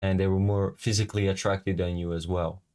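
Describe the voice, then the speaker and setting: A man reacting to a clip, talking bluntly and scornfully, swearing and pausing on fillers. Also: low voice, flat delivery, darkish tone, clear, resonant tone. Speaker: reaction video host. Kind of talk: profane reaction commentary.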